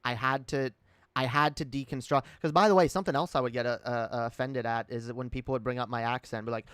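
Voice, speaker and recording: A man's voice: medium pitch, fairly even intonation, quick pace, fairly bright tone, clear, resonant tone, no echo, clean studio sound. A man speaking with a put-on British accent in a casual live-stream chat, rambling candidly, reading chat and swearing often. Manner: reads and answers chat.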